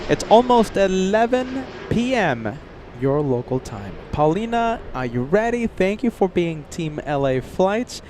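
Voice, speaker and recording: A man's voice: high-pitched, very animated, a little slow, few pauses, noisy background. A man hosting a live plane spotting stream outdoors, chatting casually with viewers by name, sleepy and jet-lagged. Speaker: plane spotting livestream host. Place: outdoors near an airport.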